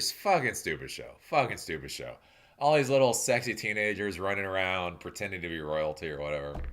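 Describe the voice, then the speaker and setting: A man streaming a casual rant, laughing often and jumping into loud mocking voices as he answers chat. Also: lowish voice. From New Zealand.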